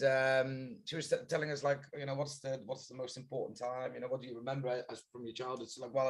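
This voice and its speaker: A man presenting wines on a live tasting stream, explaining with enthusiasm in rambling talk full of fillers. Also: mid-range voice. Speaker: wine presenter on a tasting livestream. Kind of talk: casual chat.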